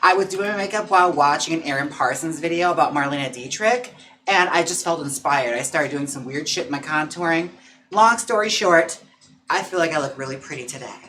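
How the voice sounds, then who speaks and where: A man's voice: a little high, pushed and bright, a little hiss or hum. A drag queen hosting a casual livestream, chatting playfully and campily with viewers. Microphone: own mic.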